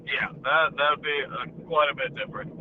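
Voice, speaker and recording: A man's voice: level tone, fairly quick, a little hiss or hum. A man calling in, telling rambling stories from his day and quoting the people he met. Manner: rambling anecdotes, quotes people in a higher voice. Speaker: caller. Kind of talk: casual storytelling. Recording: tinny phone line.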